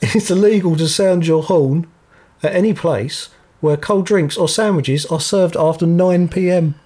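A man's voice: on the high side, measured pace, dark tone. A man co-hosting a podcast, chatting casually and breaking into laughter often. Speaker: podcast co-host. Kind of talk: casual chat.

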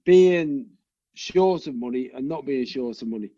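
A man's voice: mid-range voice, dry recording. A man chatting expressively as a podcast guest, joking and swearing. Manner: expressive, swearing, quick jokes. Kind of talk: casual chat. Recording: dull, dry lo-fi sound.

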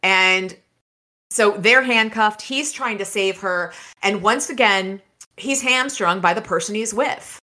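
A woman co-hosting a casual book podcast, chatting about chapters and reading passages aloud in an animated way. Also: medium pitch, takes it slowly. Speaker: podcast co-host.

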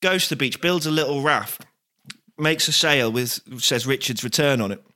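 A man's voice: mid-range voice, moderate pace, sharp tone. A man, a comedy podcast co-host telling a rambling, sweary story and laughing often. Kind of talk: casual comedy chat.

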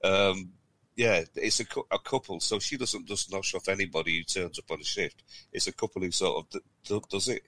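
Man, middle-aged, low voice, bright forceful tone, rambling storyteller, casual podcast chat. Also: fairly quick. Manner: rambling, chuckling anecdote-teller. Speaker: podcast co-host.

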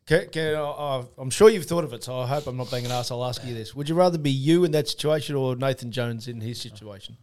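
A man's voice: medium pitch, quick pace, few pauses, darkish tone, a little hiss or hum. An Australian man hosting a podcast, asking probing questions in casual chat. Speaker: podcast host.

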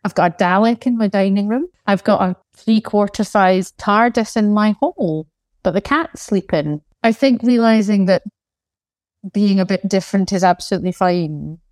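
A woman's voice: mid-range voice, moderate pace, a little mellow, no echo. A Scottish woman in her forties, a guest in a casual interview, talking candidly with self-deprecating, dry sarcastic humour. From Scotland. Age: 40s.

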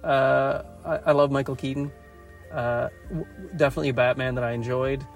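Gravelly Canadian man, relaxed podcast co-host, reflective and chatty, light music in the bed. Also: mid-range voice, a little fast. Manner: reflective, chatty, laughs easily. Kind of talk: casual chat.

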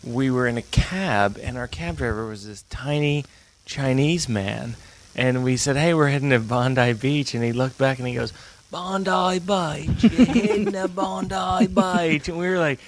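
An American man, a guest comedian, telling a story in casual podcast chat with halting restarts and self-deprecating asides. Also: medium pitch.

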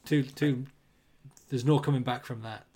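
Scottish male co-host, relaxed and conversational, a bit sweary. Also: mid-range voice, measured pace, slightly rough. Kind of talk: casual chat.

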